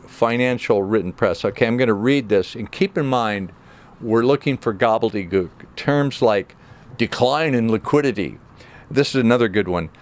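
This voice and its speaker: Sarkastyczny mężczyzna komentujący ekonomię. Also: male voice, lowish voice. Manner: sarcastic, skeptical. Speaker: remote viewing group member. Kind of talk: explanatory commentary reading from an article.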